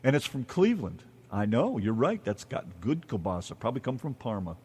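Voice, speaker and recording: A man's voice: mid-range voice, very animated, a little fast, a little mellow, slight background noise. A man with an American accent co-hosting a casual radio show, joking and teasing his co-host.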